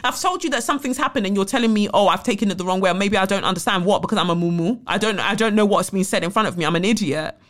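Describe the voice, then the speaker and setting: A woman's voice: mid-range voice, rapid-fire, hardly any pauses, fairly bright tone. A woman hosting a podcast, talking bluntly and indignantly, with frequent swearing. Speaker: podcast host. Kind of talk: podcast monologue reading a listener letter.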